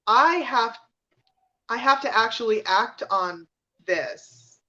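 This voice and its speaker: A woman's voice: a little high, lively intonation, slow pace, sharp tone, highs cut off. A woman in casual chat, wry and amused at the papers she is reading.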